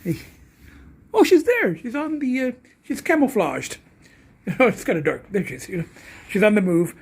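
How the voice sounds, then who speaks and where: A man's voice: sits high, sing-song, moderate pace, pauses often, slightly rough. An older man chatting casually in a vlog, rambling with lots of fillers and restarts, talking from inside his car. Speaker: vlogger. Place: inside a car at a tire shop.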